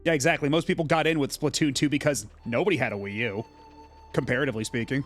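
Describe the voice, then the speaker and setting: A man's voice: mid-range voice, fast talker, faint music behind. A man streaming a video game, chatting casually in a rambling way with many fillers. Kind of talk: casual gameplay commentary.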